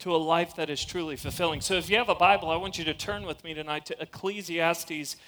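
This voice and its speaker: Man, preacher, high voice, bright and sharp tone, energetic, emphatic sermon, outdoor stadium. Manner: energetic, emphatic, repeats key lines slowly. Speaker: campus ministry preacher.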